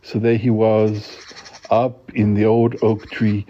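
Deadpan rambling male storyteller. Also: on the low side. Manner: deadpan, rambling, halting with many restarts. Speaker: podcast host. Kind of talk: comic improvised storytelling. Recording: dull lo-fi recording.

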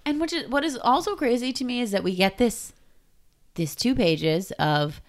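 A woman co-hosting a casual chat about a comic book, reacting in an animated, jokey way and playfully paraphrasing the characters. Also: on the high side, normal speed. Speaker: comic book podcast co-host.

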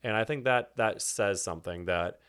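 A man's voice: lowish voice, normal speed, fairly bright tone, clear, resonant tone. A young man from Texas, a church elder candidate, talking about faith in a rambling, casual way with many restarts. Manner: rambling, many restarts and fillers, laughs often. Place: indoor room with host.

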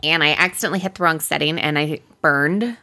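Speaking briskly in a low-sitting voice, a woman co-host tells a story on a podcast in casual conversation. She's animated and performs the quoted voices of the people involved.

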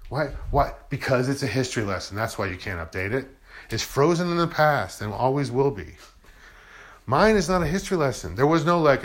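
A man's voice: medium pitch, big pitch swings, normal speed, fairly bright tone. A middle-aged man hosting a podcast, giving an earnest, rambling spiritual monologue and acting out quoted voices. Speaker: podcast host.

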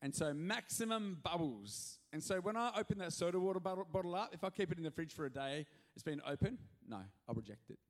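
A male pastor giving an animated, joking sermon with sudden loud rises in a church hall. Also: sits high, fast, few pauses. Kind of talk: energetic sermon.

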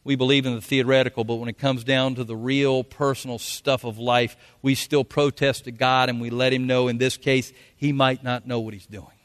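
A pastor preaching a folksy sermon, now and then acting out quotes in a loud voice. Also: male voice, medium pitch, level tone, moderate pace. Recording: long hall reverb.

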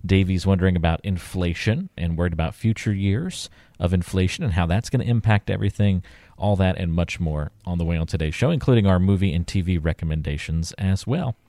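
A man co-hosting a talk show about finances, telling stories in a relaxed way with fillers and laughs. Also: deep voice, fairly quick, no echo. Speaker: podcast co-host. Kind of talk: casual chat.

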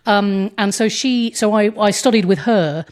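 A woman, a comedian, chatting as an interview guest, telling animated stories and slipping into put-on voices. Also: mid-range voice, a little slow. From England. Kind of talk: casual interview chat.

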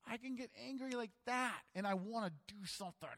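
A man preaching a sermon as pastor, animated, acting out voices and joking about himself. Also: very high voice, a little fast. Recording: long hall reverb.

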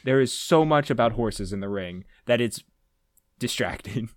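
A man co-hosting a casual movie podcast, talking through films in a measured, analytical way. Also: mid-range voice, expressive, no room sound, clean studio sound. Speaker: podcast co-host. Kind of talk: casual movie-review chat.

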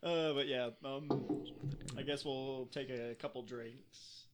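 A man's voice: mid-range voice, steady tone, slow, noisy background. A man playing in a tabletop game, chatting in an easygoing way and laughing often. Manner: giggly, easygoing. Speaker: player.

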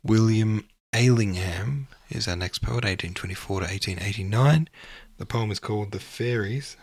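A man hosting a podcast, reading poetry aloud in a measured way with small slips and self-corrections. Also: lowish voice, no room sound, studio quality. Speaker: podcast host and poetry reader.

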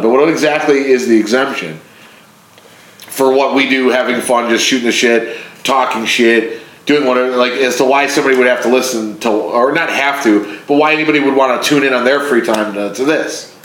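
A man co-hosting a podcast, chatting casually in a rambling, profane way and telling animated stories with lots of restarts. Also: medium pitch, brisk. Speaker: podcast co-host. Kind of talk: casual chat. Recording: echoey room with faint noise.

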